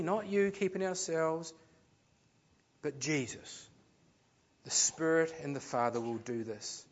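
A man preaching a sermon, earnest, swinging between loud emphasis and soft, low phrases, with some repeated words. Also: highs cut off. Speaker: pastor.

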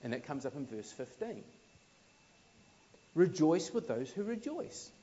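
This New Zealand man preaches with a New Zealand accent, chatty and full of anecdotes, his emphatic swells falling away into soft asides. His pitch sits on the high side and he is very animated, yet his pace stays measured. The recording sounds muffled.

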